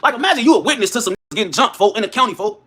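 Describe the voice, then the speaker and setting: Fast, high-energy streamer man. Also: slightly rough. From Chicago. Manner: loud, excitable, trash-talking, heavy slang. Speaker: livestream host. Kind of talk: casual livestream storytelling.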